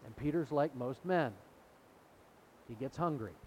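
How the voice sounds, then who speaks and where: A man's voice: medium pitch, measured pace, darkish tone, a little hiss or hum. A middle-aged man preaching a sermon in a conversational way, retelling scripture and acting out the quotes. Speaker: pastor.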